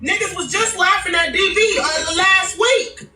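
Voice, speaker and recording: A confrontational woman fires questions and curses in a heated live-stream argument. Her voice is high and bright. It comes from a distance in an echoey room. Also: moderate pace, slight background noise.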